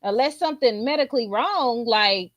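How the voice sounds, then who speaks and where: Woman ranting on her channel, aave, real blunt and cussing, kinda high voice. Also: expressive, normal speed, dry recording. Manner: blunt, incredulous, profane. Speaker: commentary channel host. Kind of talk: casual reaction commentary.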